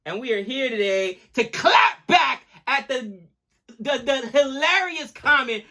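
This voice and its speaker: A young adult man co-hosting a casual reaction chat, excitable and joking, swinging from loud outbursts to quiet asides. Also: very high-pitched, a little slow. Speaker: co-host of a reaction channel.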